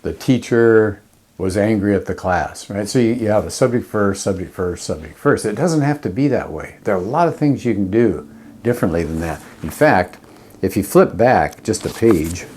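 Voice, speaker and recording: A man's voice: fairly low pitch, mellow, slightly rough. A man teaching an English writing lesson in a conversational lecture style, walking through example sentences step by step. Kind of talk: classroom lecture.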